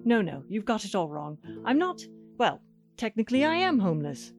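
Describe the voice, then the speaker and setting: A woman's voice: mid-range voice, big pitch swings, normal speed, darkish tone, faint music behind. A woman voicing a nervous, apologetic British man in a bathrobe, fussy and easily exasperated.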